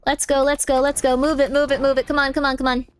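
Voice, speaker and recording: Young woman streamer, kinda high voice, rambles and repeats stuff, yells when annoyed. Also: level tone, fast, slight background noise. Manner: chatty, repeats phrases, bursts of exasperated yelling. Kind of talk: live game stream chat.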